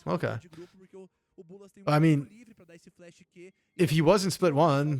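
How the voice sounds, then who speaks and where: Chatty man with a gravelly voice. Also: medium pitch. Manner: chatty and laid-back, chuckling and answering chat. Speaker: esports co-stream commentator. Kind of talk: casual live-stream commentary.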